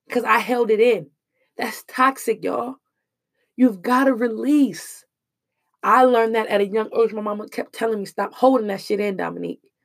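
A young woman speaking in an earnest, emphatic monologue, casual and slangy as she shares hard-won lessons. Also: a little high. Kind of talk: emotional personal monologue.

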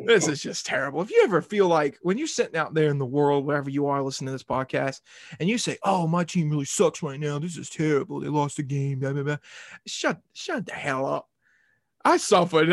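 A slightly high-voiced man hosts a casual sports podcast, drifting from point to point with jokes and heated rants. He swears freely. The recording is dry and close, with no room sound. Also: fairly bright tone, no echo. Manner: rambling and jokey, swears and rants. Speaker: podcast host.

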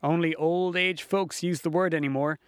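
A man narrating a first-person story in a folksy, unhurried storytelling manner. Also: a little high, steady tone, clean tone, no echo, studio quality.

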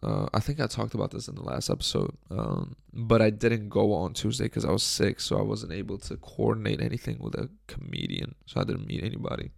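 A young man with a cold hosts his podcast alone, his voice low, hoarse and full of gravel. He rambles and jokes crudely in a loose, casual way. He is close on the mic, and the sound is dry. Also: wildly swooping pitch, brisk, hardly any pauses, no room sound. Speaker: podcast host. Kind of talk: casual solo podcast chat. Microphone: studio microphone, close.

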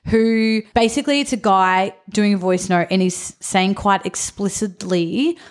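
A woman's voice: mid-range voice, a little slow. A young woman co-hosting a podcast, chatting casually with frequent swearing and easy laughter. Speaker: podcast co-host. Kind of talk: casual chat.

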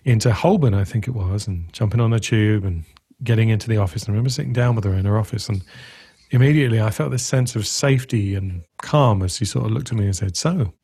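A man with a fairly low, mellow voice that has a husky grain. He tells his story thoughtfully and asks curious questions in relaxed conversation. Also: fast. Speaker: coach.

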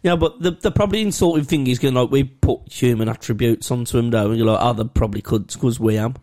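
A man's voice: medium pitch, quick pace, a little mellow. A man co-hosting a casual podcast chat, joking and swearing as he argues his point. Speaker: podcast co-host.

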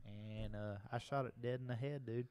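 A man's voice: medium pitch, fairly even intonation, normal speed, darkish tone, clean tone, no room sound. A man with a Southern US accent, co-hosting a casual podcast in a blunt, joking, drawling way. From Southern United States. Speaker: podcast co-host.

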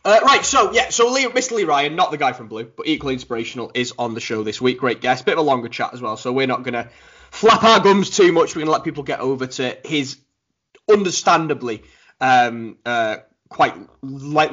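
A man co-hosting a podcast, joking and rambling in animated casual banter. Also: medium pitch, fairly quick, dull audio. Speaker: podcast co-host.

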